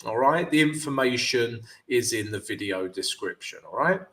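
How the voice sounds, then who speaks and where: Fresh from the dentist and still numb, a forex trading streamer talks a little thickly but stays upbeat and conversational with the "guys" watching. His mid-range voice is expressive and slightly bright, delivered at a moderate pace.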